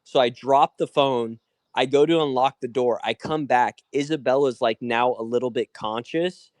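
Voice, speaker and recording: A man's voice: mid-range voice, moderate pace, dry recording. Rambling young man on a dry mic. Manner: rambling, full of "like" and acted-out quotes. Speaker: guest telling a story. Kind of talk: casual storytelling on a live call.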